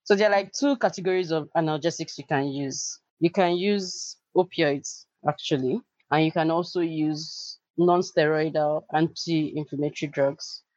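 A woman co-hosting a podcast, calmly explaining medical points to her co-host. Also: low-pitched, moderate pace, hardly any pauses, no room sound. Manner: sympathetic, explanatory. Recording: dry, dull lo-fi remote audio.

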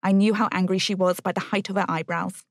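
A woman's voice: mid-range voice, fairly even intonation, fast, dry recording, studio quality. A woman narrating a first-person novel in a wry, bitter tone.

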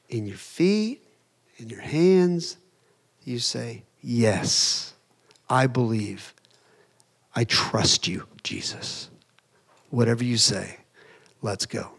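A male pastor delivers a sermon in a loose, conversational style. His voice sits a little on the high side for a man, and he slips into quick quoted voices now and then to make his points. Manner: conversational, animated preaching with acted-out quotes.

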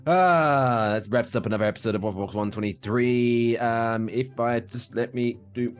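A man's voice: mid-range voice, normal speed, smooth. A man co-hosting a podcast in casual chat, telling profane rambling stories with a tired, wearing-out voice. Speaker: podcast co-host.

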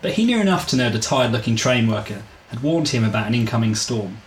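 A man reads his own story aloud in a steady, measured way, stopping now and then to joke with co-hosts. His voice is mid-pitched and carries a roomy echo, with faint noise underneath. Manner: steady storybook reading, joking between passages. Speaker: podcast host reading his story aloud. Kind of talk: reading a story with banter.

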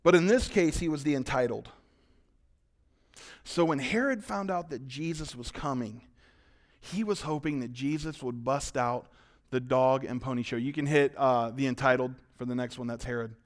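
A male pastor preaching a sermon, animated, acting out voices and swinging between loud and quiet. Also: medium pitch, moderate pace.

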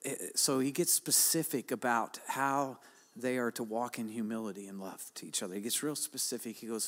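An older man preaching a sermon, urging his congregation with repeated exhortations that build to loud, emphatic calls. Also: mid-range voice, normal speed, big-room sound. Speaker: pastor.

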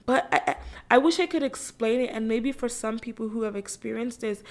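Fervent, fairly high-voiced woman host. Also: fairly quick. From Caribbean. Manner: fervent, conversational, repeats phrases for emphasis. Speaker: podcast host. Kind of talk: faith-based encouragement talk.

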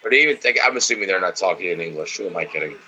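Bright-voiced blunt wrestling fan. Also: male voice, sits low, lively intonation, rapid-fire, slight background noise, poor audio. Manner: opinionated, blunt, swears freely. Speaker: podcast co-host. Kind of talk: casual wrestling watch-along chat.

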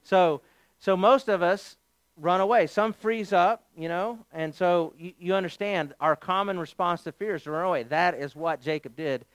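A male pastor preaching a sermon, telling a funny story in an animated, joking way. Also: high voice, moderate pace, smooth, dry recording.

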